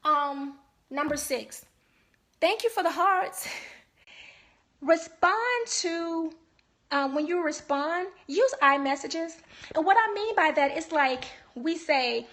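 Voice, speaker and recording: A woman with a high, bright voice coaches couples on communication. Her delivery is emphatic and preachy, full of rhetorical asides, like a casual live stream talk to her viewers. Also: animated, slow, pauses often. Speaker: marriage coach.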